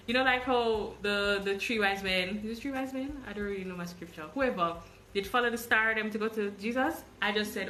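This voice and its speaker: A Jamaican woman tells a travel story with lively, animated delivery, jumping into the voices of the people she met. Her voice is bright and forward. The room is echoey, with faint music underneath. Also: medium pitch, fairly quick. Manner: animated, acts out dialogue. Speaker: podcast host.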